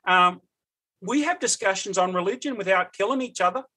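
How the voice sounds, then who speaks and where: Australian man in his fifties, high voice, bright tone, earnest folksy storyteller, podcast guest. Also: brisk, breathy edge. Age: 50s. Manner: lively, earnest, folksy anecdotes. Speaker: guest, business owner. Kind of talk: casual conversational storytelling.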